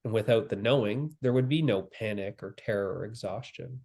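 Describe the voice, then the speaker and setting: A man giving a spiritual teaching, speaking calmly and slowly with long pauses and repeated phrases. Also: lowish voice. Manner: calm, slow and repetitive, with long pauses. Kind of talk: slow guided spiritual teaching.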